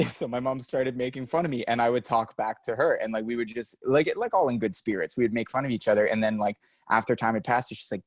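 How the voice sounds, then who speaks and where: A man's voice: mid-range voice, quick pace, hardly any pauses, no room sound. A young adult man co-hosting a podcast, telling rambling stories in casual chat and laughing often. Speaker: podcast co-host.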